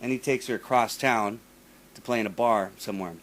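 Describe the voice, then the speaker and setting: In a casual chat, a podcast host tells a lengthy, profane story with lots of animation, frequent restarts, repetition and impressions of the people in it. He speaks at medium pitch, a little fast.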